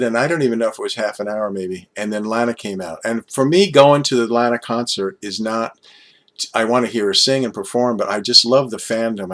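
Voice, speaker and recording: A man's voice: fairly low pitch, a bit bright. A man of sixty-one in a casual vlog, chatty and self-deprecating, trailing off and restarting as he rambles, a little tired after a late night. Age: 60s. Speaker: YouTube vlogger.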